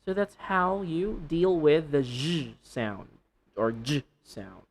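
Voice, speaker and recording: Man, pronunciation teacher, slow careful drilling of words, playful, slightly high voice. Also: slight background noise. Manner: slow deliberate repetition of words, playful and laughing. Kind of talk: pronunciation lesson.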